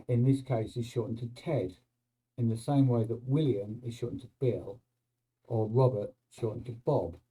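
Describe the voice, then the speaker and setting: A man's voice: medium pitch, mellow, rough recording. A man hosts his own video channel, explaining slang in a wry, conversational way and checking in with the viewer. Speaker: YouTube host explaining slang.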